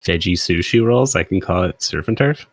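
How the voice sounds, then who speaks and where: A lower-voiced man with a gravelly, husky edge, chatting and joking at a tabletop game. His pitch swings a lot as he talks. The sound is dry and close. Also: lively intonation, moderate pace, no room sound. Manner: joking, slips into character lines. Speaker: player. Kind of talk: casual tabletop game chat.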